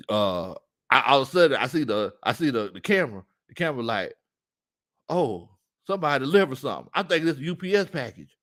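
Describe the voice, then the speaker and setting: A man hosts a relaxed sports livestream, reading out chat comments and spinning stories between bursts of laughter. His voice is bright and forceful, and his pitch rises and falls widely as he talks. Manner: laughs often, reads chat comments aloud, storytelling. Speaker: sports show host.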